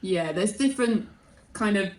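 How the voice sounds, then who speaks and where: A woman's voice: medium pitch, expressive, moderate pace, darkish tone. A woman guest on a podcast, chatting casually in a playful, teasing way. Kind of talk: casual chat. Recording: roomy echo.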